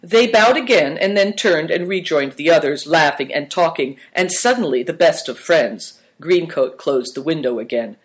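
A man reading a story aloud as narrator in a steady, measured way. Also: fairly high pitch. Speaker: audiobook narrator.

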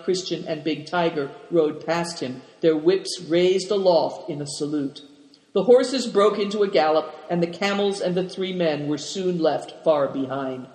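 A man narrating a story as an audiobook reader, lifting his voice a little for the characters' lines. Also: on the high side. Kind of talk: scripted narration. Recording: echoey room with long reverb.

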